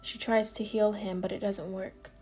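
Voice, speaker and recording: A woman reading a story aloud in a plain, steady manner. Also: mid-range voice, normal speed. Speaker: audiobook reader. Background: faint music.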